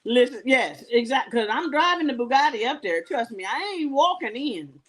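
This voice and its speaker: A woman's voice: sits high, animated, normal speed, soft background music. A woman hosting a live jewelry sales show, chatting and laughing as she tells stories between items. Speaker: live shopping show host.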